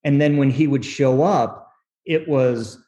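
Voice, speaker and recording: A middle-aged screenwriter telling candid stories in an interview, acting out quotes and laughing often. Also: male voice, medium pitch, a little slow, highs cut off. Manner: animated storyteller, acts out quotes, laughs often. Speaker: screenwriter guest.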